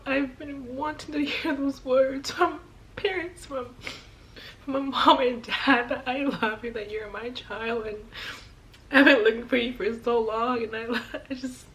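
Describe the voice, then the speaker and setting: A young woman vlogger telling a personal story in a heartfelt, emotional way, with many sighs and pauses. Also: high-pitched, a bit bright, slight background noise.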